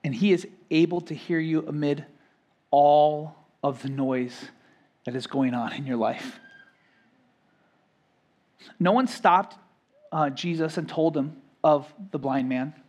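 A man preaches a sermon as pastor in a high-pitched voice. He swells louder and higher on key phrases, then drops back soft. He repeats and restarts words as he builds each point. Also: slow, pauses often.

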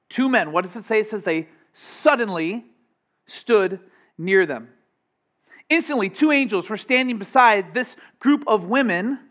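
A man preaching a sermon as pastor, animated and conversational, with asides and acted-out quotes. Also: high-pitched.

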